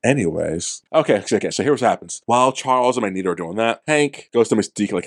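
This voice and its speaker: A man with a fairly low voice talks through a movie on a podcast, blunt and swearing freely. He jumps into brief acted-out lines for the characters. The sound is dry and close. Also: lively intonation, no room sound. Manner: blunt, profane, acts out characters in quick asides. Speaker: podcast co-host. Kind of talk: casual movie review chat.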